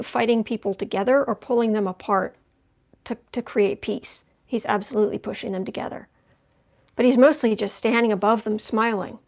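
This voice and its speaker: A woman's voice: on the high side, a little mellow. A woman reading tarot cards on a livestream, thinking aloud in a conversational way as she turns each card. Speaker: tarot reader.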